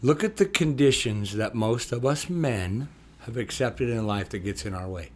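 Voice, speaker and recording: A man on a podcast speaking with passion and putting questions straight to the listeners. His voice sits at an ordinary middle pitch and climbs higher when he gets animated. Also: normal speed, a little hiss or hum. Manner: impassioned, addresses listeners directly, rises in pitch when animated. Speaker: podcast co-host. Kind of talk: podcast conversation.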